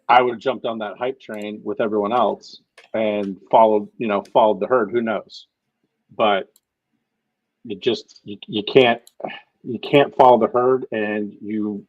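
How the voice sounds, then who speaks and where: A man's voice: lowish voice, no echo. A man co-hosting a casual livestream chat, talking in slang and swearing freely. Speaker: co-host. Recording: dull lo-fi dry sound.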